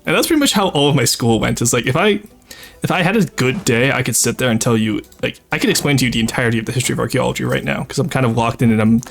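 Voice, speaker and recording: A man's voice: medium pitch, racing, gravelly, soft background music. A French Canadian man streaming a strategy game, rambling and chatty, swearing freely and laughing often. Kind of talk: casual live-stream chat with game commentary.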